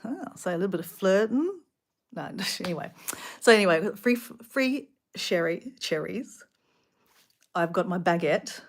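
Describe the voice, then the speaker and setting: A middle-aged Australian woman rambling casually about her day, chatty and animated, full of asides. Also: on the low side, a little slow, slight background noise. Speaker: vlogger. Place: hotel room.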